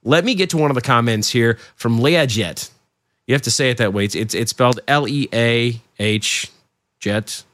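A man's voice: medium pitch, normal speed, dry recording. A man hosting a casual political talk show, rambling and interrupting himself as he chats. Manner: lively, rambling, self-interrupting. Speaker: host. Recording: dry studio sound with faint music.

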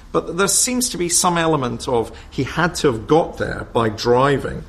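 A man with a gravelly, creaky edge to his voice, walking through a case in a documentary interview. He speaks at a middle pitch and lays out his reasoning point by point, weighing possibilities aloud. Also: fairly bright tone. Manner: analytical, measured, thinks aloud. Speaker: expert interviewee.

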